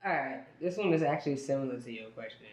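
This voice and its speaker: A man playing a couples game on a vlog, an animated storyteller who acts out quotes and laughs easily. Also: medium pitch, fast talker, roomy sound, slight background noise. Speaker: couple vlogger.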